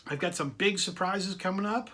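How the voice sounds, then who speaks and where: A man's voice: high-pitched, moderate pace, sharp tone, slightly rough. A man hosting his own collector video channel, chatting casually and enthusiastically to camera, repeating himself and laughing often.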